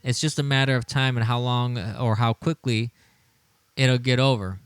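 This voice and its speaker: A man's voice: mid-range voice, steady tone, moderate pace, clean tone, no room sound. A man hosting a political livestream, talking with indignation, often repeating his words and chuckling as he reads the chat. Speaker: livestream show host.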